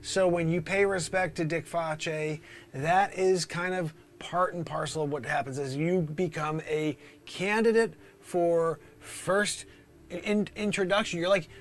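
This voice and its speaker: A man hosting an improvised comedy livestream, answering chat questions in an animated way that jumps into high voices and drops to whispers. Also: unhurried.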